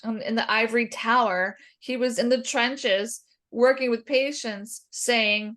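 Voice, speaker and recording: A middle-aged woman, a dietitian guest on a podcast, telling a long personal story in a lively, self-deprecating way and acting out the voices in the quotes she recounts. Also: a little high, a little slow, few pauses.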